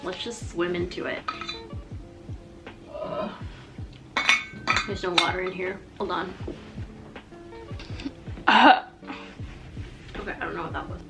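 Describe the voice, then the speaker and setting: A woman's voice: lowish voice, flat delivery, fast, vocal fry, few pauses, over music. A young adult woman, a college student, talking through a casual advice vlog in a chatty, rambling way, often saying "like". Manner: chatty and rambling, heavy use of "like".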